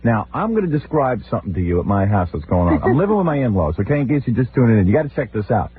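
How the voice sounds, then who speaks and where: A man hosting a radio show, telling comic stories in an animated, exasperated rant and mimicking his relatives. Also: mid-range voice, very fast. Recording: tinny phone-like old radio recording with faint hiss.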